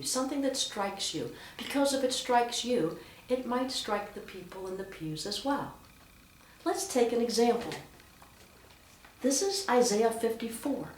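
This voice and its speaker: With a voice on the high side, a woman coaches church readers on reading aloud, using strong emphasis and expressive sample readings. The distant mic catches a roomy echo along with a little hiss or hum.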